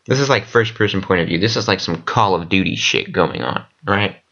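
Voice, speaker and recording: A man telling a rambling story in casual vlog style, excitable and profane, with lots of fillers. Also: deep voice, fairly quick, creaky, highs cut off. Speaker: vlogger recounting dreams.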